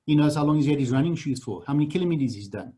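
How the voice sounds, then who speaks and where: A man's voice: fairly high pitch, expressive, very fast, mellow, husky. A man running a sales training on a video call, blunt and repetitive. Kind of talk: online training session.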